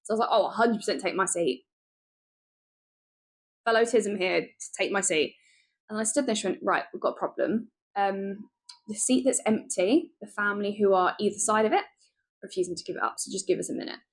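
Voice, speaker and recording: A woman vlogger retelling a travel mishap in a lively, chatty storytelling way. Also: medium pitch, fairly quick. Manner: lively, animated retelling with laughs and asides.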